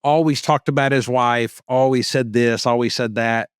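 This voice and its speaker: A man co-hosting a comedy podcast, dry and deadpan. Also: mid-range voice, moderate pace, clean tone, dry recording. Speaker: podcast co-host. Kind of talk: casual comedic chat.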